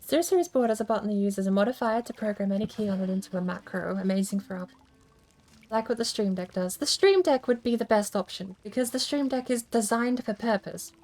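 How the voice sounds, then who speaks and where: Chatting a bit quickly in a mid-range, darkish voice, a woman streamer talks casually during play. She fiddles with settings while thinking aloud, pronouncing each word with exaggerated care.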